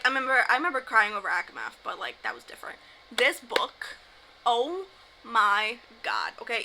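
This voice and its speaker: A woman's voice: on the high side, bright, forceful tone, a little hiss or hum, low-quality recording. A young woman book vlogger chatting casually to camera, gushing and emphatic about her favorite reads.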